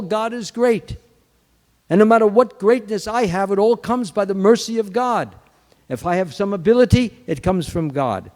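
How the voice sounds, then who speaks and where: A man's voice: sits high, warm tone. A man giving a Sunday temple sermon, telling a story, acting out the quoted lines and restarting words as he goes. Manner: acts out quotes, restarts words, lists qualities slowly. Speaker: Hare Krishna swami giving a Sunday lecture. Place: temple hall. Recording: long hall reverb.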